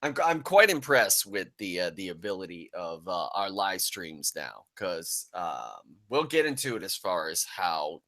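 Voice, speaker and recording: Bright-voiced casual podcast host, a man. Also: low voice, big pitch swings, unhurried, few pauses, no echo. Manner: loose, rambling, jokey. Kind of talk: casual live-stream chat.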